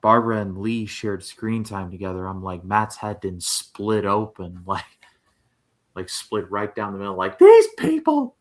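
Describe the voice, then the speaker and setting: A man co-hosting a podcast in relaxed chat, wry and teasing toward the others. His voice sits on the low side. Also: a little slow. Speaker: podcast co-host. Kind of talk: casual chat.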